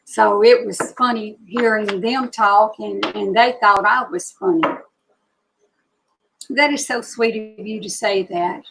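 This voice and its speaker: Chatty southern lady in her 60s, alabama drawl, slow and gravelly, bit of hiss and clicks behind. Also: medium pitch, fairly even intonation. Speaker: psychic reader hosting a live stream. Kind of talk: casual live-stream chat with viewers.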